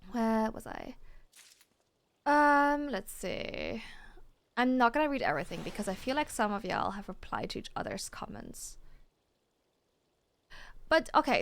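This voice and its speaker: A chatty woman streamer with a slightly high, gravelly voice, talking casually between game scenes and answering her chat. She swears and laughs easily, and she has the hiccups. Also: a bit bright. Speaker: VTuber streamer. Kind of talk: casual chat while gaming and reading viewer chat.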